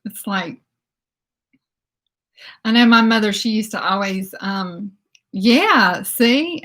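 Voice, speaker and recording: A woman's voice: a little high, a bit bright. A woman in her fifties, from the southern United States, hosting a casual livestream chat, giggling often and reacting to viewers' comments. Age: 50s. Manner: giggly, exclaims "oh my goodness" often. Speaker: beauty channel host.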